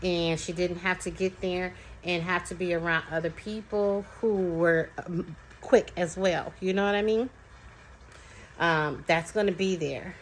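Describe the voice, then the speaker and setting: Young mom chatting about her kid, kinda low voice, lots of ums, faint room hum. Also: fairly even intonation, a little slow, poor audio. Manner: chatty, with many fillers and restarts. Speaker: parent sharing experience. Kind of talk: casual storytelling to camera.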